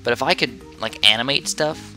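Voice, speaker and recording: A man's voice: mid-range voice, moderate pace, pushed and bright, soft background music. A man chatting casually into a headset as he plays and comments on a tower defense game from his room, rambling and easily distracted. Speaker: gaming commentator.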